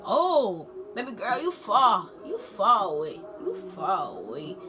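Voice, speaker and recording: A woman's voice: medium pitch, big pitch swings, slow, noisy background. A teenage girl voicing a casual young man who rattles off directions in a laid-back way.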